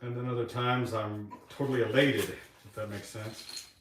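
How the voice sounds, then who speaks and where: A man's voice: mid-range voice, fairly even intonation, normal speed, a bit bright, slight background noise. Profane, rambling man in an echoey shop. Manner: rambling, profane, venting frustration. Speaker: webcam channel host. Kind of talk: casual live-stream talk while working. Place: private workshop, indoors. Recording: echoey room, mic far off.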